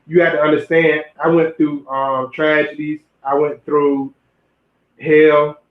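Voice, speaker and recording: A man's voice: a little high, little pitch movement, takes it slowly. Man streaming advice over a tinny, roomy line. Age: young adult. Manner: rambling, repeats and restarts phrases, addresses chat directly. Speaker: livestream host giving zodiac relationship advice. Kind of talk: casual livestream talk to viewers. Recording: roomy, phone-like lo-fi audio.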